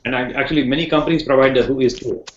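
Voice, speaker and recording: A man's voice: mid-range voice, steady tone, racing. A man teaching an online class on a video call, rambling a little, repeating words and asking his students questions. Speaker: instructor. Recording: echoey, muffled video call audio.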